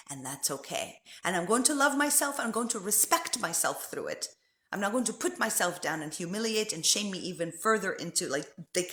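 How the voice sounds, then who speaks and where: A woman spiritual coach giving an emphatic, animated pep talk that swings between loud stresses and hushed asides. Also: fairly low pitch, reverberant.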